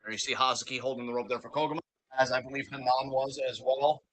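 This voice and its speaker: A man co-hosting a live wrestling watch-along, giving animated play-by-play and hyping the wrestlers on a home streaming mic. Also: mid-range voice, quick pace. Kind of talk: live reaction commentary.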